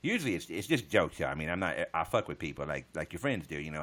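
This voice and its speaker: A man's voice: rumbling low, very animated, fast, fairly bright tone. A man chatting casually on a livestream, answering viewer comments with profane smart-aleck jokes.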